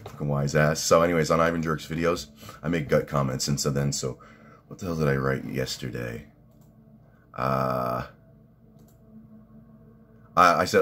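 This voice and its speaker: A man's voice: a bass voice, fairly even intonation, moderate pace, long pauses, fairly bright tone, slight background noise. A man talking in a casual rambling vlog, profane and laughing at his own stories. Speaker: fitness vlogger and coach.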